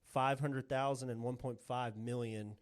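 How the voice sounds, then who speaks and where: A man's voice: medium pitch, steady tone, a little slow. Rambling man sharing podcast trivia. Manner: rambling, with many fillers and restarts while explaining trivia. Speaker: podcast co-host. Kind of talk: casual chat.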